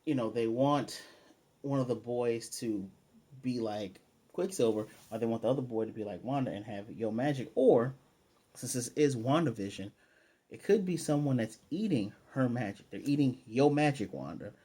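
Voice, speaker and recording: A man's voice: medium pitch, moderate pace, warm tone, breathy edge. A man giving a casual spoken episode review, retelling scenes in a rambling way with plenty of fillers. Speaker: video reviewer.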